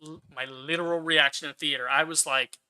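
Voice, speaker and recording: A man's voice: fairly high pitch, steady tone, a little fast, bright, forceful tone, clean tone. A man hosting his own channel, giving a profane, exasperated rant of movie commentary. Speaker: channel host.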